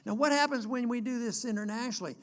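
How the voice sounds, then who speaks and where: An older American man giving an earnest political speech, emphatic and halting with frequent restarts. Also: very high voice, a bit bright. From United States. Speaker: guest speaker.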